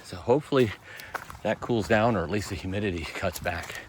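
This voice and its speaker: A man with a low voice narrates his long-distance hike as he walks, in a casual, cheerful vlog manner. He is outdoors, talking to a handheld camera, with faint outdoor noise behind him. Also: fairly quick. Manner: upbeat, chatty, laughs at himself. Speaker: thru-hiker vlogger. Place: outdoors on a trail and town streets.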